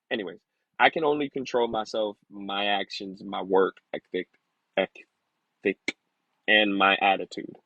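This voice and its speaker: A man reading aloud slowly, sounding out hard words, then talking candidly and casually about his past. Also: mid-range voice, vocal fry, fairly bright tone, breathy edge, no echo, rough recording. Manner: slow halting sounding-out of words, then candid rambling asides. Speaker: vlogger learning to read.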